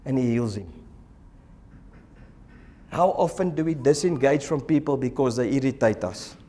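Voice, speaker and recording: A man preaching a sermon in church, animated and acting out the voices of the people in his stories. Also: medium pitch, moderate pace. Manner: animated, acts out quoted voices. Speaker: pastor.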